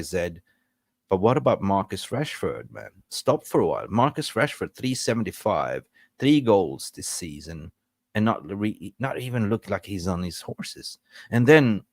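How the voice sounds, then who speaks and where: A man's voice: lowish voice, no echo, studio quality. A man hosting a casual football live stream, chatty and rambling, ranting in frustration with jokes and greeting viewers.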